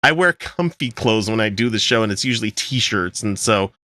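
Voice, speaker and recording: A man's voice: fairly low pitch, expressive, moderate pace, pushed and bright, no room sound. A man co-hosting a podcast, casually reading out troll comments with loose, profane, laughing banter. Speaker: podcast co-host.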